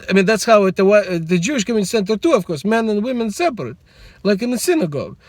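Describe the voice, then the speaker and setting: Guy vlogging from his car, meandering deadpan jokes, kinda high voice. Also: a little fast, no room sound. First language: Russian. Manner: meandering, self-interrupting, deadpan humor. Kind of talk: rambling casual monologue to camera. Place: inside a parked car.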